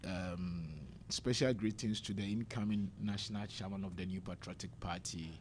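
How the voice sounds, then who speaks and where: A man's voice: sits low, steady tone, moderate pace, a little mellow, slight background noise. A man from Ghana giving impassioned political commentary on a radio show, preachy and rhetorical, quoting scripture as he grows heated. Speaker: political party member on a radio panel. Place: radio studio.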